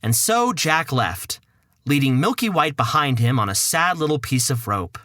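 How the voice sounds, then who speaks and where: A man's voice: mid-range voice, sing-song, normal speed, bright, forceful tone, no echo, clean studio sound. A man narrating a fairy tale in a chatty, playful way for a storybook podcast.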